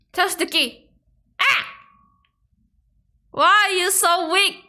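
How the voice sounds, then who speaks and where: A young woman streaming a horror game, talking to herself and her viewers, squealing and yelling at the game. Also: very high-pitched, slow pace. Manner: excitable, squealing and shouting at the game. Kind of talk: gaming stream commentary.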